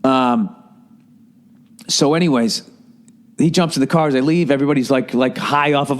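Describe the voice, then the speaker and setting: A man's voice: medium pitch, normal speed, long pauses. A man hosting a podcast, telling a long, profane anecdote in a casual monologue and mimicking people as he goes. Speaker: podcast host.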